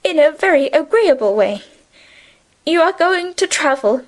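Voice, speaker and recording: A woman voicing a soft caring young girl friend, talks high and gentle, reassuring in an audiobook. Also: expressive, a little slow. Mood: tender. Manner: tender, soothing, earnest. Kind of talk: audiobook character reading.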